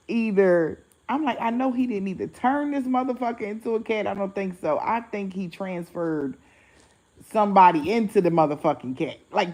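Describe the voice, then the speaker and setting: A woman's voice: mid-range voice, rough recording. A woman vlogger, telling a story casually to her viewers, acting out the voices in it and swearing freely. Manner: animated, acts out voices in quotes, swears freely.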